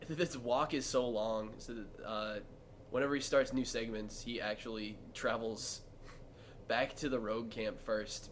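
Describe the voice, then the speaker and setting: A man's voice: medium pitch, slight background noise. A man co-commentating a game run, teasing his friend and laughing often.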